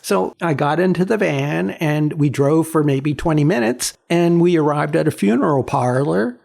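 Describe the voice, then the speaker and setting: A man in his sixties, a photographer being interviewed, telling stories in a halting way with many repeats and fillers. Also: fairly high pitch, gravelly, darkish tone. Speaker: photographer, guest. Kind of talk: reflective storytelling in an interview.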